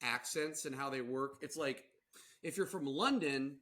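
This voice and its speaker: Bright-voiced chatty podcast man. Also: medium pitch, measured pace, a little hiss or hum. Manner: rambling, animated, slips into silly put-on voices. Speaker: podcast co-host. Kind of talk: casual chat.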